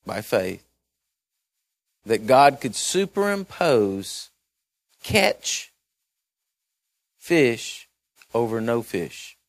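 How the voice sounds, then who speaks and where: A man preaching a chatty Bible-study sermon, swinging between loud and hushed. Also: lowish voice, no room sound.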